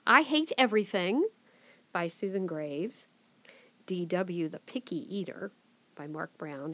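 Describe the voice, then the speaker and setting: Woman, parenting advice, conversational, advising tone, mid-pitched voice. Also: dry recording. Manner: conversational, advising, drops into quoted example phrases.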